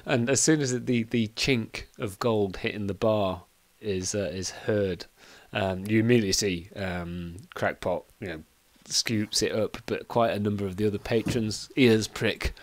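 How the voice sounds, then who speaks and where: Chatty game master. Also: male voice, lowish voice, a little slow, no echo. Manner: chatty, laughing often. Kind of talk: narrating a tabletop game.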